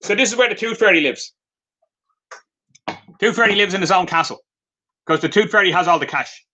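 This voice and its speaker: Chatty Irish man, bright high voice. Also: fairly quick, a little hiss or hum, poor audio. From Ireland. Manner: chatty storytelling with many fillers. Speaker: craft vendor. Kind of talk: live product demonstration.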